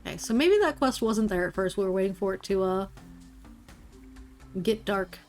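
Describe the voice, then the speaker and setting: A woman streamer talks through a video game in a loose, chatty way, filling pauses with "um" and "like" as she recaps the story. Her voice sits at an ordinary middle pitch. Soft music plays quietly underneath. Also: lively intonation. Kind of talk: casual let's-play commentary.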